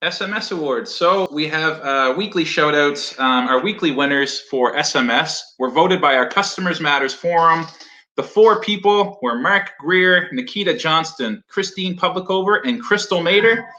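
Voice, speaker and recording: Brief: man host, slightly high, bright forceful tone, jokey award-show patter on a video call. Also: normal speed, muffled recording. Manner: jokey, upbeat, loose with fillers. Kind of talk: casual virtual award show.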